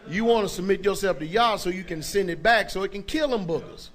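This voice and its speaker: A man's voice: high-pitched, fairly quick, a bit bright. A man, a pastor, preaching a sermon in an emphatic, colloquial way and checking in often with his congregation. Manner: colloquial, informal speech.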